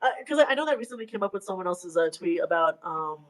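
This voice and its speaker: A woman's voice: lowish voice, animated. Chatty woman co-hosting an interview. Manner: chatty, quick to laugh. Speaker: co-host. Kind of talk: casual interview chat.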